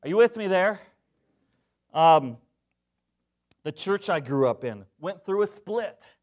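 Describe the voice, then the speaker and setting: High-voiced man preaching slowly. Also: expressive. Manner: emphatic, call-and-response asides to the congregation. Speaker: pastor. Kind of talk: sermon.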